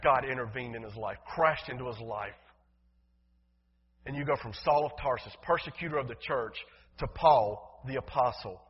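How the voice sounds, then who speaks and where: A male pastor preaching a sermon in a church, emphatic, swinging from loud declarations to soft, low passages. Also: slightly rough. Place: church sanctuary. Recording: dull, reverberant hall sound.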